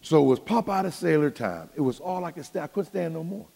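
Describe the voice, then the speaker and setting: A man's voice: a little high, fast, creaky, long reverb tail. An older man, a pastor telling folksy stories to his congregation in a sermon. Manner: folksy, animated, talks straight to the congregation. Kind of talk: storytelling sermon.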